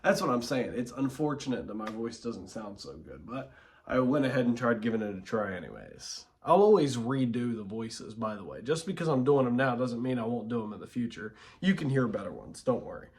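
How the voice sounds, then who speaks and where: A man with a hoarse, sore voice, chatting casually to camera in a relaxed, rambling way between voice impressions. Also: mid-range voice, brisk.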